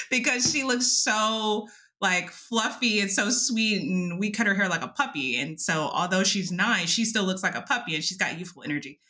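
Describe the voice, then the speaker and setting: A woman podcast host casually telling a story, animated and laughing often, acting out what people said, with loose swearing and fillers. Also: medium pitch, normal speed. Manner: animated, laughing, acts out quotes.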